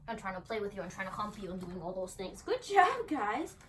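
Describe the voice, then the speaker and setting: A young woman runs a dog training demonstration at home, explaining to the camera and breaking off cheerfully to praise her dogs. Her mid-range, fairly bright voice stays level in tone at a quick pace, captured by a distant camera mic with faint room noise.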